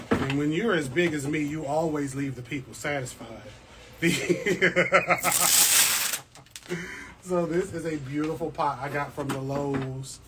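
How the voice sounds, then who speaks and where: This fairly high-pitched man hosts a plant channel livestream from his plant-filled home, and the background is noisy. He keeps things chatty and jokey, answering viewers' questions and regularly checking in with them.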